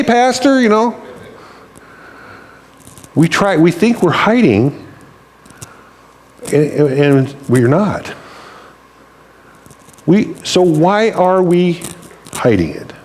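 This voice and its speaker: Brief: male preacher, relaxed storyteller, self-mocking humor, plays out quotes. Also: high voice, a little slow, long pauses. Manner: conversational, humorous, acts out quotes. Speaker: pastor. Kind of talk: sermon.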